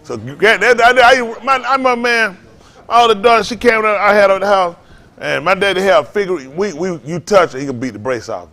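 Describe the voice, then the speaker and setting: An older man preaching an informal sermon, folksy and animated, telling stories with lots of repetition. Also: high voice, brisk. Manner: folksy, animated, Southern Black church vernacular, repeats himself. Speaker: pastor.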